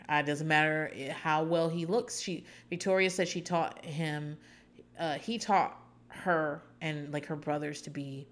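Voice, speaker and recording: A woman's voice: deep voice, fairly bright tone. A woman hosting a podcast, recapping a reality show in casual, rambling chat with sarcastic asides.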